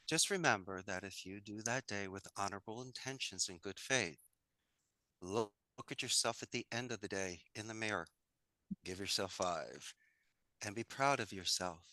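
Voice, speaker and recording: Bright, enthusiastic man giving motivational advice. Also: lowish voice, lively intonation, moderate pace, dry recording. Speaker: guest, business owner. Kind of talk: casual interview chat.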